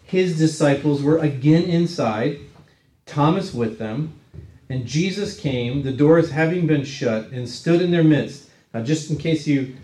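A man's voice: a little high, measured pace, dark tone. Man teaching a Bible class, roomy echo. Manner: conversational, checks in with 'right?' tags.

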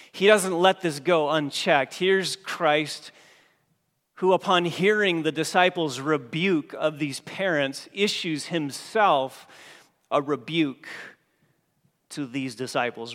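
A male pastor preaching a sermon, emphatic, repeating key phrases and slowing on words for stress. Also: a little high, fairly bright tone, in a large hall.

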